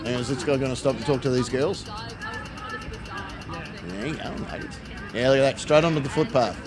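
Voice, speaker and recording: An Australian man hosts a live show, speaking at a moderate pace with a medium pitch while music and crowd noise play behind him. He offers crude, sarcastic commentary on protest footage, mocking it, swearing freely and laughing at his own jokes.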